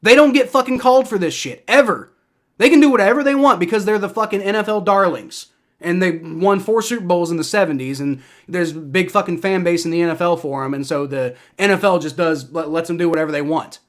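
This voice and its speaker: A man's voice: sits high, a little fast, fairly bright tone. Heated young man ranting over a game. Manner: heated, profane, ranting with many restarts. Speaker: live reaction streamer. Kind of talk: live game reaction and play-by-play.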